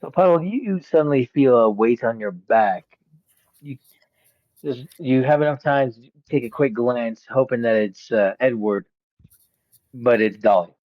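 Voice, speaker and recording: A man running a tabletop game as game master, narrating the scene in a measured way with frequent fillers. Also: mid-range voice, animated, no echo. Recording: dull, dry lo-fi stream mic.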